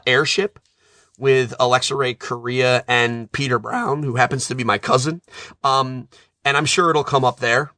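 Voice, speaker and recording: A man in his thirties chatting casually about video games, telling animated stories as a self-described nerd. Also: medium pitch, no room sound, studio quality. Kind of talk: casual chat.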